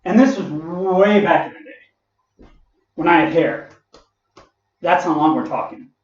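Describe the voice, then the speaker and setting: A man's voice: a little high, animated, measured pace. A man casually telling a personal story in a rambling way, full of fillers and asides. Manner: rambling and digressive, with many fillers and laughs. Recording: roomy, distant and dull.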